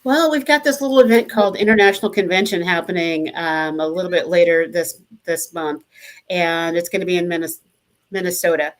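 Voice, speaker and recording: A woman with a fairly low voice joins a live show over a video link. She talks in a warm, chatty way with lots of ums. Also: fairly even intonation, a little fast. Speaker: district governor and co-host. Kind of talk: casual chat on a live show.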